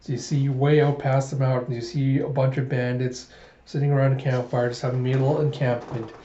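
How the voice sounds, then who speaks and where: A man reading a manga aloud with commentary, retelling the scenes in an animated way. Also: medium pitch, fairly quick, a little hiss or hum. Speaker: manga reviewer. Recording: dull echoey home recording.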